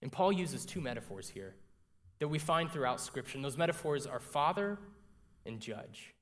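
A man's voice: mid-range voice, very animated, moderate pace. Conversational young male preacher. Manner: conversational, frequent "right?" asides to the congregation. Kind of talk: sermon with personal storytelling.

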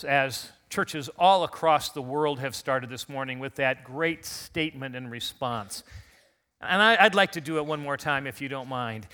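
A male pastor preaches an Easter sermon in a church, easy and conversational, coaxing the congregation into responses. His voice is bright and sits a little high. He is back on his feet after a recent illness. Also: smooth. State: recovering from illness. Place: church sanctuary.

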